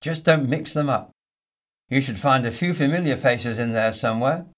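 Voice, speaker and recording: A man performing scripted everyday dialogue for a listening exercise, in a relaxed, friendly manner. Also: mid-range voice, normal speed.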